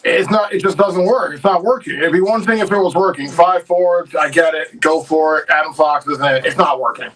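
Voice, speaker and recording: A man co-hosting a sports livestream rants in a casual, opinionated way. His voice sits fairly high for a man and is picked up from a little way off the mic. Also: brisk, hardly any pauses, fairly bright tone, recorded from a distance, poor audio. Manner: opinionated, frustrated rants about the team. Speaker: livestream co-host. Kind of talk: casual hockey chat.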